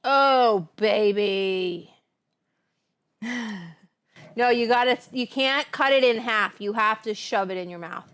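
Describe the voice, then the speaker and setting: Slow-talking giggly woman cooking host. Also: on the high side, fairly bright tone, smooth. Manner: chatty, giggly, savoring food aloud. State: stoned. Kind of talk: casual livestream cooking chat. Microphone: clip-on mic.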